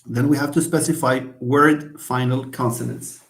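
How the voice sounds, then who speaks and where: A man's voice: medium pitch, fairly even intonation, a bit bright, roomy sound. A man lecturing a class, thinking aloud with frequent restarts and hesitations. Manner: slow, halting, thinks aloud with many restarts. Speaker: linguistics lecturer.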